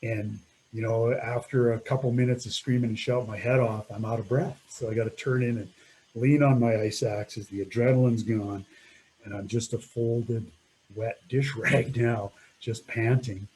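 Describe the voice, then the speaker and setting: A man's voice: medium pitch, steady tone, moderate pace, a little mellow, a little hiss or hum, poor audio. A middle-aged man telling a climbing story over slides in a reflective way, often laughing and trailing off.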